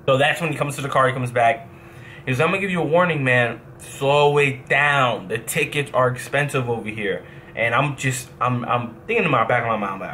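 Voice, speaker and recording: A young man from New Jersey tells a long story in a casual vlog, rambling, backtracking and cursing as he goes. His voice is bright and forceful at an ordinary pitch. A faint hiss of noise sits under the recording. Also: fairly quick. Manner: rambling, animated, swears and backtracks often. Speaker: vlogger, professional gamer.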